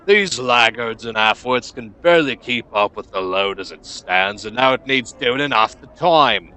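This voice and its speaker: Burly angry dock foreman, loud and scolding, read aloud by a man. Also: mid-range voice, animated, moderate pace. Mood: gruff. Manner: loud, scolding, rough talk.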